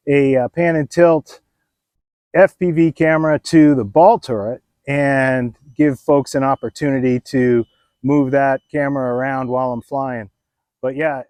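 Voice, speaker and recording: An RC model hobbyist hosts a vlog on his channel, narrating an unboxing casually and enthusiastically, with frequent ums and uhs. His voice is a little high with a darkish tone.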